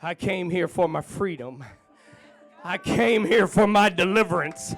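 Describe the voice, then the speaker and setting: A man preaching a sermon in a church, trading folksy, chatty asides to the congregation for fervent, shouted refrains. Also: high-pitched, a little slow, faint music behind.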